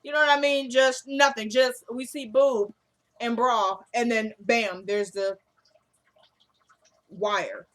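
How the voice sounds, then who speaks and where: A young woman casually recapping a TV episode, retelling scenes as quick quoted dialogue. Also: fairly high pitch, steady tone, fairly bright tone.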